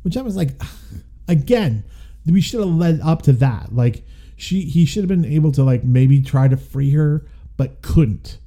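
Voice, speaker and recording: A man's voice: fairly high pitch, animated, unhurried, mellow. A man co-hosting a podcast, reviewing a film in casual, rambling chat with jokey asides. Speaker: podcast co-host.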